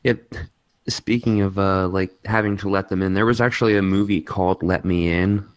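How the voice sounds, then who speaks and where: A man on a casual podcast, speaking haltingly and filling with constant "like". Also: low voice, fairly even intonation, dry recording. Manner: halting, filler-heavy with constant likes.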